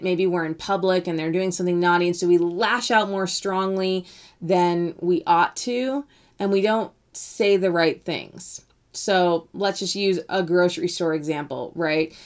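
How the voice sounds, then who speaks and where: Woman host in her thirties, low-pitched, relaxed conversational delivery with ums and restarts. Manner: conversational, many fillers and restarts, quotes the author. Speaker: podcast host. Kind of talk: casual talk about a parenting book.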